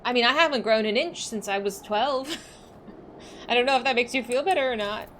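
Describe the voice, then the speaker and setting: A woman's voice: fairly high pitch, normal speed, fairly bright tone, slight background noise. A young woman streamer chatting casually and rambling as she plays, full of likes and restarts. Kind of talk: casual chat while livestreaming a game.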